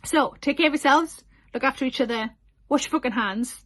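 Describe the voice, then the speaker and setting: A woman's voice: sits high, brisk, fairly bright tone. A woman in her forties chatting casually to camera about her tour dates, giggly and full of self-deprecating asides. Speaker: comedian announcing tour dates.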